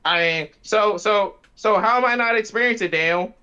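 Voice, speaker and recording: A high-pitched man argues in a gaming voice chat, firing off questions and swearing freely. His voice comes through dull and muffled, like a lo-fi chat recording. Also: pushed and bright, clear, resonant tone. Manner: argumentative, rapid-fire, swears a lot. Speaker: gamer in a voice chat. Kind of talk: heated casual banter.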